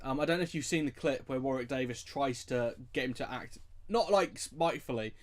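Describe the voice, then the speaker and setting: A man's voice: medium pitch, fairly quick. A young man chatting through a film commentary, joking and rambling with trivia asides.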